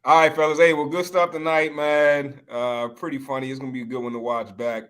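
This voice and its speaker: A man hosting a casual sports podcast, laughing and telling animated stories. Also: medium pitch, fairly quick, clear, resonant tone. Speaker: podcast host.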